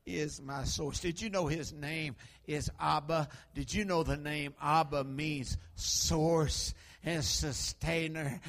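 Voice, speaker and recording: Folksy preacher, higher-pitched man. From Harlan County, Kentucky. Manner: folksy storytelling, swinging from hushed asides to loud exhortation. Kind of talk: sermon.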